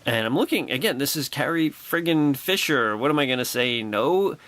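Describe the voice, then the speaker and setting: A man vlogging a personal anecdote with excitable, wry storytelling and a sarcastic edge. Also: mid-range voice, moderate pace.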